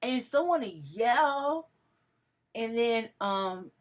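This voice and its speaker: A woman vlogs to her followers in a casual, emotional direct-to-camera monologue, speaking very slowly in an expressive, slightly high voice. She calls herself melodramatic and treats her viewers like family.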